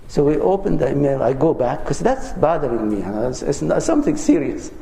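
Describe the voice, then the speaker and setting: A man's voice: a little high, big pitch swings, fairly quick, vocal fry, hardly any pauses, mellow, slight background noise. A man giving an earnest, conversational lecture as a religious teacher, sharing personal anecdotes with his audience. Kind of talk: lecture on parenting. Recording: roomy hall with long reverb.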